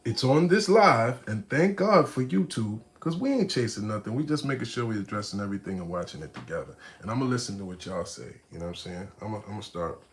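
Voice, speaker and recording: Fast and with hardly any pauses, a man reacts to a video on a casual live stream, talking to his chat in street slang. He's animated and mocking, dropping into low mutters and then bursting out loud.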